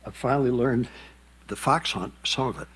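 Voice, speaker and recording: This nonagenarian keynote speaker wanders from story to story onstage, breaking off for asides and starting over. He speaks at a medium pitch and normal speed, and the recording is very noisy.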